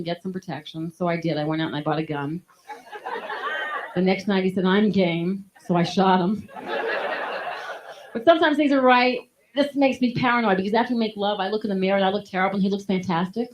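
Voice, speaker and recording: On a live comedy stage, a woman with a medium-pitched voice does a punchy stand-up set and laughs at her own jokes. The live recording is dull and lo-fi, with a little hiss or hum.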